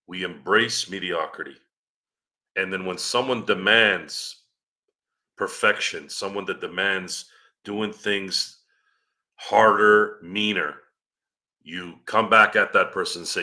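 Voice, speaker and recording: A male podcast host delivers a profane, angry rant. His voice is very bright and cutting, dropping into a low growl before flaring into loud outbursts. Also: steady tone, slow pace, long pauses. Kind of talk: profane ranting commentary.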